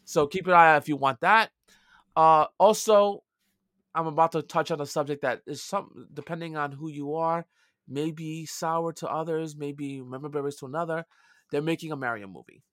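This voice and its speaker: A man with a Brooklyn accent chats about games as a podcast co-host, loose and talkative, tripping over his words. His voice sits a little high and sounds forceful and bright, and the recording is dry and close. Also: normal speed, dry recording. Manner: chatty and loose, with mild swearing and many restarts. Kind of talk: casual gaming chat.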